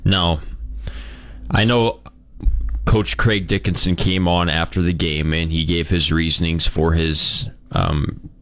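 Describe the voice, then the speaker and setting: A man's voice: low voice, level tone, takes it slowly, a bit bright, no room sound. A man co-hosting a sports talk radio show, talking things through hesitantly with many restarts.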